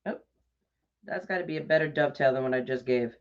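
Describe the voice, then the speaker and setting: A middle-aged woman from New York with a New York accent, chatting warmly and effusively with viewers by name while crafting on a livestream. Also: extremely low pitch, quick pace. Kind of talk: casual livestream chat while crafting bows. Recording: dull lo-fi livestream audio.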